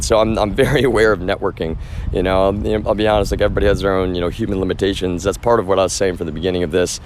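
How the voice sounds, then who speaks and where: A man livestreaming outdoors on a street, talking in an agitated, rambling rant full of swearing and asides to viewers. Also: lowish voice. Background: traffic.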